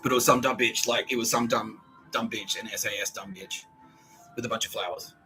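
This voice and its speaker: A man's voice: medium pitch, fairly even intonation, a little fast, bright, forceful tone, soft background music, rough recording. A man with an Australian accent, hosting a podcast, telling a rambling story full of swearing and laughter. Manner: profane, laughing, agitated storytelling. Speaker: podcast host. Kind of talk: rambling monologue.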